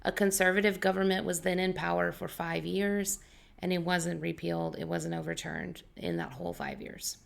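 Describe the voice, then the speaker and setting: Woman vlogger w a scratchy voice, heavy vocal fry, kinda low, chatty and rambly. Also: lively intonation, normal speed. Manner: chatty, full of disclaimers and fillers. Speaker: vlog host and English teacher. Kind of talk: casual explanatory vlog talk.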